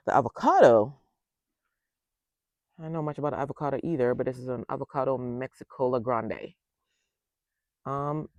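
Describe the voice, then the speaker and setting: Guy with a gravelly voice chatting thru his backyard garden tour, talking right to viewers, dry close sound. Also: mid-range voice, a little mellow, dry recording. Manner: chatty, talks straight to viewers and thinks aloud. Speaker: home gardener giving a tour. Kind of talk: casual garden tour vlog.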